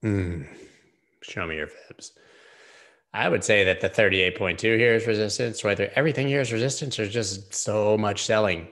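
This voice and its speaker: A low-voiced man talking through charts on a live stream, loose and jokey. He wanders off into quick asides, then drifts back to the chart in front of him. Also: fairly bright tone. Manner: joking, rambling, quick asides.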